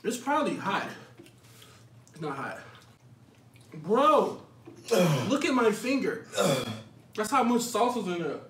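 A man's voice: high voice, very animated, takes it slowly, pauses often, fairly bright tone, distant mic. A young man vlogging a food challenge, his mouth burning, exclaiming and groaning in slangy casual banter. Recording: roomy echo, off-mic, faint noise.

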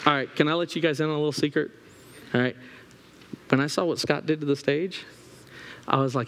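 High-voiced pastor in a reverberant hall. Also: male voice, a little fast, long pauses, a little hiss or hum. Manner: animated, humorous storytelling. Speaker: assistant pastor. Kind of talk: sermon. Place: church sanctuary. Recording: long hall reverb in church.

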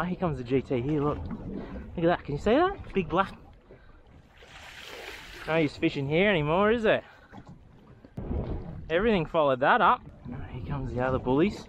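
Excitable Australian fisherman, lively pitch. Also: slight background noise. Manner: excitable, swears and laughs, talks to the fish. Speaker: fishing vlogger. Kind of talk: casual running commentary while fishing. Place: small boat at sea, outdoors.

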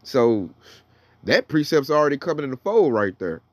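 A Bible teacher with a medium-pitched, sing-song voice delivers a casual sermon in loose street slang, reading verses aloud as he goes. He speaks at a normal speed, and there's no echo.

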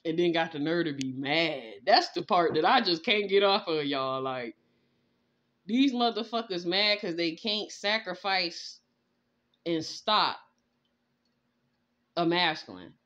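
A woman's voice: fairly low pitch, animated, slow, long pauses, fairly bright tone, dull audio. A woman giving a casual tarot reading, ranting in disbelief with lots of cursing and bursts of laughter. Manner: profane, laughing, incredulous ranting. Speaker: tarot reader. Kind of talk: casual spiritual reading vlog.

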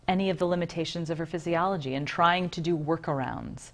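A woman's voice: on the low side, brisk. A woman voice coach giving detailed, explanatory answers in an interview.

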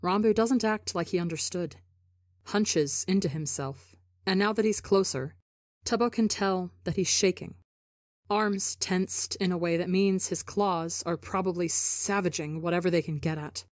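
A woman narrates a fan-written story for her podcast with expressive delivery. Her voice sits on the low side and sounds dry and close, with no room echo. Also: measured pace. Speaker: podcast reader. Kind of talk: reading fan fiction aloud.

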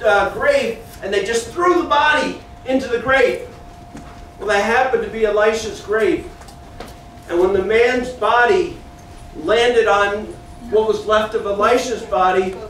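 A man teaching a Bible lesson to children in a church classroom, telling the story with animation and pausing to correct the kids. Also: high-pitched, a bit bright, a little hiss or hum. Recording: very echoey room from far off.

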